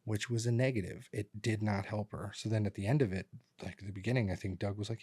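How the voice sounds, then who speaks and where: A man's voice: on the low side, fairly even intonation, quick pace, hardly any pauses, darkish tone, slightly rough, no room sound. A man co-hosting a podcast, chatting casually and acting out what his relatives said as he tells stories. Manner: rambling storyteller who acts out relatives' lines. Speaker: podcast co-host. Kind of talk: casual chat. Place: podcast studio.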